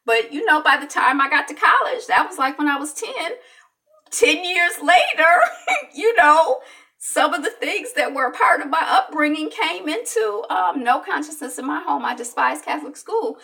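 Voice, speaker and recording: A woman hosting an online talk show, rambling and animated, with many restarts and quoted asides. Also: high-pitched, moderate pace, vocal fry, recorded from a distance. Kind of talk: casual opinion talk.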